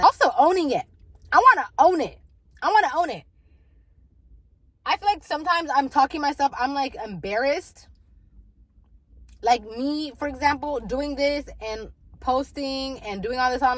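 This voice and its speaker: A woman's voice: fairly high pitch, fairly bright tone, poor audio. A young woman talking candidly in a casual vlog, rambling with many fillers and restarts. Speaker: vlogger.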